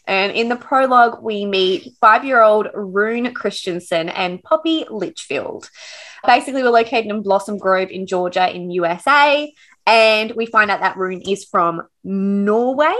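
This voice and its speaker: A woman's voice: medium pitch, a little slow, fairly bright tone. A woman co-hosting a podcast, chatting casually about a book, laughing often and swearing freely. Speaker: podcast co-host.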